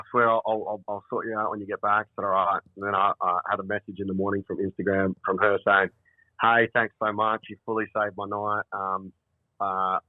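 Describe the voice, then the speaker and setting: A man's voice: lowish voice, dry recording. A man with an Australian accent, a comedian phoning in and rambling through casual anecdotes full of quoted dialogue, heard over a phone call. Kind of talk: casual storytelling. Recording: tinny phone line.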